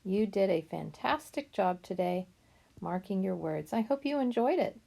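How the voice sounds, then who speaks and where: A woman's voice: medium pitch, lively intonation, normal speed, gravelly, dark tone. A woman teaching a phonics lesson to children, patiently spelling out words letter by letter and praising them often. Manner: encouraging.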